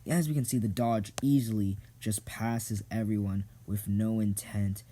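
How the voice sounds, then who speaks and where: A man's voice: lowish voice, steady tone, unhurried, dark tone, a little hiss or hum. A young man giving playful, slangy commentary on toy car races as a channel host, now and then swinging into a hyped announcer voice.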